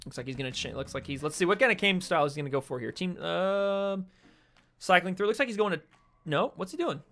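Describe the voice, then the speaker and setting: A young American man giving solo esports-style play-by-play of a shooter game from his streaming chair, getting excited on big plays. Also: high voice, fast talker, soft background music. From United States. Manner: excitable play-by-play, chatting with stream viewers between calls. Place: home streaming setup, seated in a chair.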